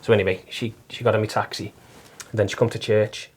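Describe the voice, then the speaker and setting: Middle-aged scouse guy, pretty monotone, earnest, keeps restarting his sentences. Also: on the low side, a little hiss or hum. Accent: Liverpool. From Liverpool, England. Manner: earnest, halting, repeats words. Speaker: guest, taxi driver and volunteer listener. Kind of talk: casual testimony interview.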